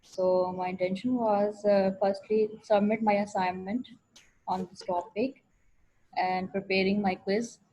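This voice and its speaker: Woman from Pakistan, hesitant intro, mellow husky voice on lo-fi call audio. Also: medium pitch, fairly even intonation, unhurried. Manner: hesitant, many fillers. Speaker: youth ambassador. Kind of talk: video call self-introduction. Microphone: video call.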